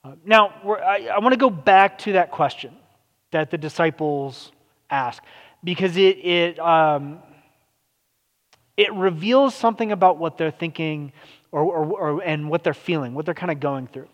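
A man's voice: fairly high pitch, measured pace, fairly bright tone. A man preaching a sermon in a loose, conversational way, full of fillers and restarts. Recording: long hall reverb.

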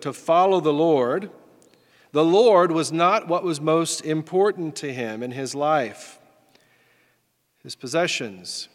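A man's voice: fairly high pitch, big-room sound. A man preaching a sermon as pastor, in a folksy, self-deprecating way.

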